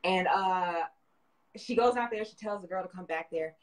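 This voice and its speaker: A young adult woman from the South, telling her story as a guest in a casual interview, animated and quick to laugh. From American South. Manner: animated storyteller, acts out quotes with big jumps up in pitch, frequent laughs. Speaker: guest, fashion designer and brand owner.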